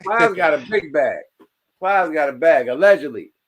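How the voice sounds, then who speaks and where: A man's voice: on the high side, lively intonation, moderate pace, a loud crowd. A man hosting a casual podcast chat, talking bluntly with plenty of profanity and laughing asides. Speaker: podcast host.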